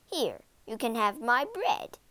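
A woman voicing a meek, gentle woodcutter father in a read-aloud storybook, speaking quietly. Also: fairly high pitch, big pitch swings, takes it slowly, no room sound, full character voice.

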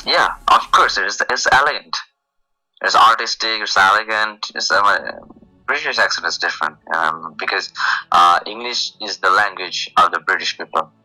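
A man from Bangladesh speaks as a guest over an online call, his pitch a little low and his tone very bright and forceful. He hesitates often as he speaks. The call audio is compressed, with faint music underneath. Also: moderate pace, poor audio. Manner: hesitant, many uh fillers. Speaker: guest, police officer. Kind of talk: casual interview over a video call. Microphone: internet call.

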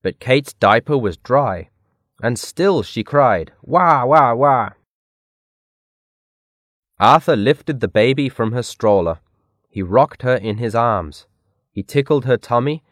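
A man reading a children's picture book aloud in a careful, clear read-aloud manner. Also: medium pitch, lively intonation, a little slow, dry recording, studio quality. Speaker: storybook reader. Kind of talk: scripted narration of a children's story.

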